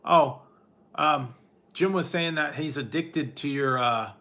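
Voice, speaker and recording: A man's voice: on the high side, takes it slowly, pushed and bright. A man hosting a casual livestream from home, rambling and laughing often as he chats with viewers and talks to his pet. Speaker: livestream host. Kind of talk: casual chat with live chat viewers.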